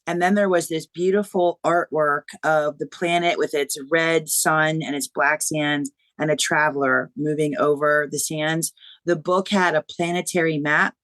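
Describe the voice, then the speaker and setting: Animated woman author telling a story. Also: low-pitched, unhurried, dry recording. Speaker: guest author. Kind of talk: podcast interview.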